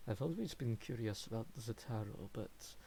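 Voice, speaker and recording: A man voicing a curious, politely wary male traveler who talks slowly and quietly with hesitations in a tabletop game. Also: on the low side, animated, gravelly, slight background noise. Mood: wary curiosity.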